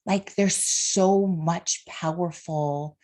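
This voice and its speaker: A woman's voice: fairly low pitch, steady tone, extremely slow, a little mellow. A woman in her thirties hosting a solo podcast, talking earnestly and heartfelt with faith-based encouragement aimed straight at her listeners. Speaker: podcast host. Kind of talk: solo motivational podcast monologue.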